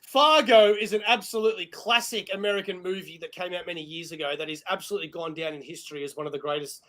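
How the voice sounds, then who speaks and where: An Australian man with a notably high voice co-hosts a casual live chat show. He talks in excitable, rambling bursts and laughs at himself often. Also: fast. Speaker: podcast co-host.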